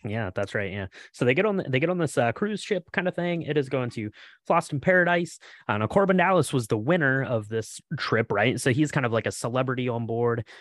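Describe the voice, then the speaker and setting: A man's voice: mid-range voice, animated, brisk, no echo, studio quality. A man casually recapping a movie as a podcast co-host, rambling with lots of fillers.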